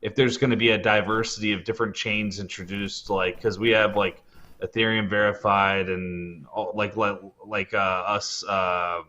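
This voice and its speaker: A man co-hosting a casual roundtable chat, talking haltingly with many ums and uhs. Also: on the low side, level tone, sharp tone, muffled recording. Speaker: podcast co-host.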